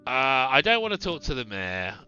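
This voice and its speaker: A wry, chatty man reads a text game aloud on a live stream and jokes between passages. His voice is very bright and rises and falls in a lively way. The stream audio sounds a little dull, with soft music underneath. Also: mid-range voice, normal speed.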